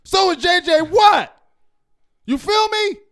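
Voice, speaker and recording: Guy going off on a postgame rant, real high voice, loud and worked up. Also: animated, slow. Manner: loud, fired-up ranting with repeated "you feel me?". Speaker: fan show co-host.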